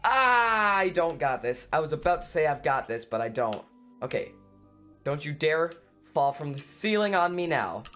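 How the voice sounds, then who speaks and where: Excitable man screaming through a game. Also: a little high, normal speed, soft background music. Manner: excitable, silly sound effects, screams. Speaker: gaming YouTuber. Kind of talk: let's play commentary.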